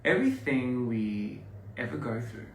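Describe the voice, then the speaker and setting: A man's voice: medium pitch, big pitch swings, a little slow, gravelly, slight background noise. A young man, chatting casually to fans on a livestream, rambling with many restarts and fillers. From Australia. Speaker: performer talking to fans. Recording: roomy, somewhat distant phone audio.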